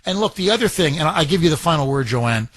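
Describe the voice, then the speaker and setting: A talk radio host with a husky, slightly high voice, recorded close and dry. He argues his points emphatically and doubles back on himself mid-thought, with the pointed manner of call-in commentary. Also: expressive, fast, a bit bright, dry recording. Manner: emphatic, opinionated, digressive.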